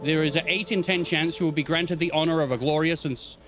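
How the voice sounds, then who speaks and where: A man voicing a flying mechanical prisoner who serves the Inquisition, in a flat, dutiful tone over loud game music. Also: a little high, fast talker, close to an everyday voice. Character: flying mechanical male prisoner turned devoted servant. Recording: game music playing loudly behind.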